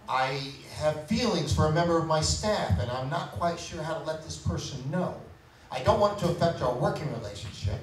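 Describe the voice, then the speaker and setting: A man playing a reserved boss who talks haltingly with many fillers, recorded in an echoey hall from far away. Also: on the high side, a little hiss or hum, close to an everyday voice. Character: reserved, awkward male boss confessing feelings. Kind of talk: community stage musical acting.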